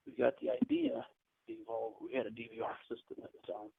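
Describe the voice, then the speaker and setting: A man telling rambling ghost-hunting anecdotes as a podcast guest, with quick asides. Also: medium pitch, wildly swooping pitch, gravelly, breathy edge, dry recording. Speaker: podcast guest, paranormal investigator. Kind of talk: casual storytelling interview. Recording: tinny phone-like line.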